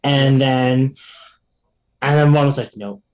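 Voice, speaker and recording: A man who is a podcast guest, telling a personal story in casual chat, animated and often laughing, with many fillers and restarts. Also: fairly high pitch, moderate pace.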